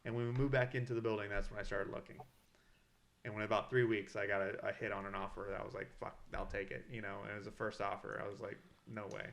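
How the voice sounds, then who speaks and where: A man's voice: fairly low pitch, flat delivery, quick pace, vocal fry, a bit bright. A young man co-hosting a casual podcast, telling stories full of swearing and quoted dialogue. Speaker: podcast co-host. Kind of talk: casual chat.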